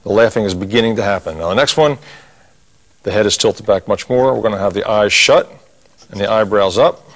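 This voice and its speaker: A middle-aged man with a fairly low voice leads a cartoon drawing lesson, calmly narrating each stroke as he draws. His manner is folksy and he drops in corny gags along the way. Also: fairly quick. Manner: folksy, corny jokes, talks while drawing. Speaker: drawing instructor.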